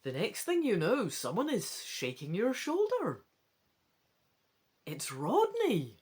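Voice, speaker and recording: Woman, gamebook reader, slow, very animated. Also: medium pitch, breathy edge. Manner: expressive, wry asides. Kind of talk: reading a choose-your-own-adventure with asides.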